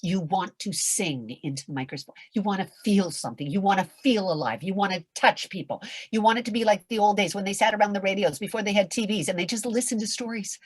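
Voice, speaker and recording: An older woman coaching performers in an animated chat, theatrical and shifting between soft whispers and loud outbursts. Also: medium pitch, fast talker, hardly any pauses, slightly rough, no room sound. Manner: theatrical, swings from whispers to shouts.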